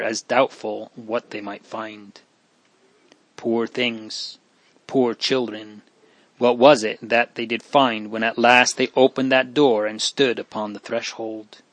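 A man reading a story aloud in a slow, measured, hushed and solemn manner. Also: medium pitch, no room sound. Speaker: narrator. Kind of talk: audiobook reading.

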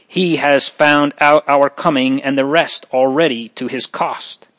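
A man's voice: medium pitch, fairly even intonation, unhurried, a bit bright, lightly acted. A man voicing a brutal soldier captain with a coarse, mocking tone.

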